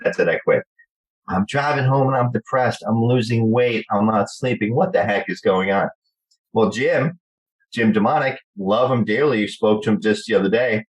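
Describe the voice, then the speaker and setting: A middle-aged man with a New Jersey accent, telling lively stories in an interview and acting out the people in them. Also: on the low side, low-quality recording. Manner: animated storyteller acting out quoted voices. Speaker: guest actor. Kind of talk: storytelling interview chat.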